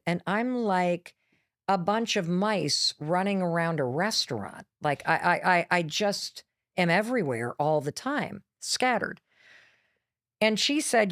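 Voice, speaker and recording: A middle-aged woman, a motivational speaker appearing as a podcast guest, telling a candid, lively story and acting out quotes as she goes. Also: lowish voice, slow, no room sound, studio quality.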